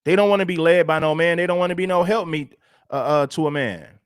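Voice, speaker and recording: A man's voice: on the high side, quick pace, clean tone, no room sound, clean studio sound. A male livestream host giving emphatic, preachy, repetitive commentary. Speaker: show host.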